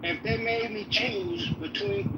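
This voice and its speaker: A loud, laughing man joining a casual group chat over a trucker headset from a truck cab. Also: high-pitched, unhurried, dull audio, very noisy. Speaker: livestream guest.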